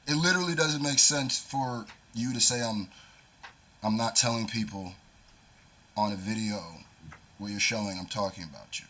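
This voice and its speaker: A man calls out a rival rapper direct to camera in a confrontational, lecturing way. His voice is forceful and bright, with a husky edge. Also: lowish voice, moderate pace.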